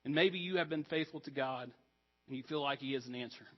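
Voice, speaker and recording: A man's voice: medium pitch, fairly quick, in a large hall, highs cut off. A man preaching a sermon as pastor, conversational and earnest, with casual asides to the congregation. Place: church sanctuary.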